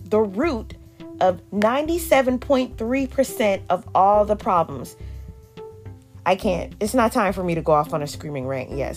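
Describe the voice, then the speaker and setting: A woman's voice: on the low side, expressive, unhurried, faint music behind. A woman hosting a podcast, recapping an episode in a casual, sassy, slangy way with joking asides. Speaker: podcast host reviewing a reality show.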